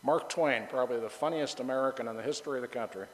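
A male pastor delivers a relaxed, conversational sermon in a mid-range voice. He jokes and banters with his congregation, and the words ring out with a long reverb through the hall. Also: mid-range voice, very fast. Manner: chatty and joking, banters with the congregation.

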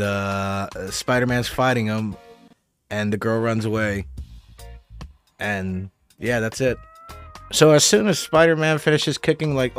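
A man's voice: mid-range voice, smooth. A man casually recapping a TV episode, rambling and swearing, with lots of fillers and restarts. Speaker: show recap host.

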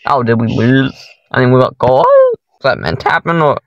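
A man's voice: mid-range voice, wildly swooping pitch, normal speed, gravelly, no echo, dull audio. A man playing a horror game for his channel, reacting to each scare with startled exclamations and talking to his viewers. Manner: jumpy, exclaiming at every scare, talks to viewers as guys. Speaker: gaming YouTuber. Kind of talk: horror game let's play commentary.

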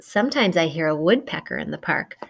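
A woman reading a picture book aloud to young children, gentle and encouraging, chatting about the pictures and imitating the story's sounds. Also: low-pitched, big pitch swings, a little fast, gravelly. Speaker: children's read-aloud presenter.

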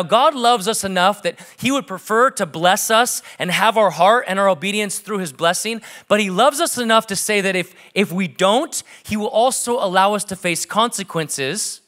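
A man in his thirties, a pastor preaching a sermon and telling stories lively, acting out family conversations. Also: high-pitched.

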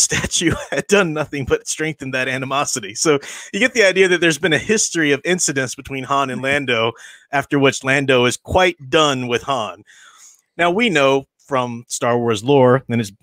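A man's voice: medium pitch, a bit bright, dry recording. A man hosting a casual book study who reads passages aloud and chats about them, laughing often. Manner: chatty, laughs often, restarts and fillers.

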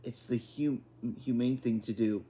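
A man voicing an exasperated, bossy mother who spells her words out slowly and firmly. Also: medium pitch, fairly even intonation, mellow, close to an everyday voice. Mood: insistent. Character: exasperated bossy mother, middle-aged woman.

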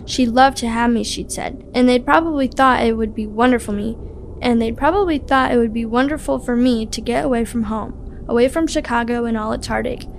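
A young woman reading a spooky story aloud in a hushed, suspenseful way. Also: a little high, brisk, creaky, slight background noise. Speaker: student narrator.

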